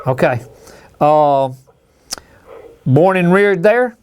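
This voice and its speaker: A man's voice: a little high, expressive, drawn-out words, darkish tone, clear, resonant tone. A man from Alabama, hosting a hunting call-in show in a folksy, rambling way. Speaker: radio show host. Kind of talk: casual call-in chat.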